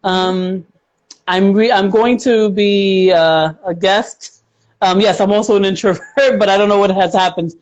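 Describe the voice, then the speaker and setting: A woman's voice: medium pitch, a little slow, a little mellow, lo-fi sound. A woman guest, an accountant, explaining money matters in a chatty way with examples and frequent fillers. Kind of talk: casual interview chat.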